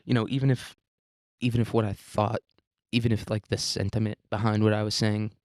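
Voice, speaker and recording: Low-voiced man ranting on a podcast. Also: little pitch movement, a little fast, darkish tone, dry recording, studio quality. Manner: rambling, profane, self-mocking, laughs often. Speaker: podcast host. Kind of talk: casual solo podcast monologue.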